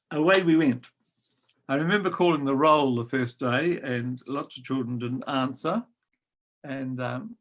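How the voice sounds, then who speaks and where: An older man reminiscing about his teaching days in a gentle, wry storytelling manner with frequent pauses. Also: mid-range voice, vocal fry. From New Zealand. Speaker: guest storyteller. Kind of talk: reminiscing anecdote.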